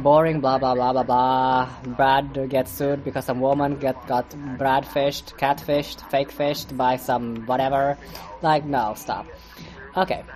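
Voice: medium pitch, a little mellow. Solo podcast host, casual and profane, sarcastic, stumbling through restarts. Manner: rambling with stammers and restarts. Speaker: podcast reviewer. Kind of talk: casual commentary monologue.

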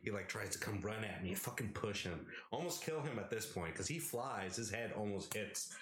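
Low-voiced man telling a profane story. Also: lively intonation, normal speed, a little hiss or hum. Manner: rambling, profane storytelling with frequent "like" and "right?"; acts out quoted people in a raised, shouting voice. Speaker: podcast storyteller. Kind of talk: casual podcast chat. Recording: echoey room.

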